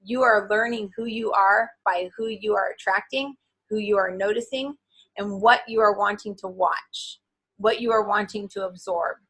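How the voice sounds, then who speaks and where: An animated woman in her forties talks enthusiastically as an interview guest and scatters filler words through her sentences. Her voice is husky and breathy. Her pitch sits in the middle of the range. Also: moderate pace, poor audio. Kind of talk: casual interview chat.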